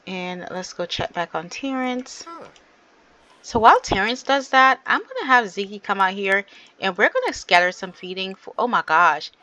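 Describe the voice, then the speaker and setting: A woman's voice: mid-range voice, lively intonation, moderate pace, pushed and bright. A woman giving casual, chatty gameplay commentary and talking straight to her viewers. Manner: chatty, addresses viewers directly. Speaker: gaming channel host.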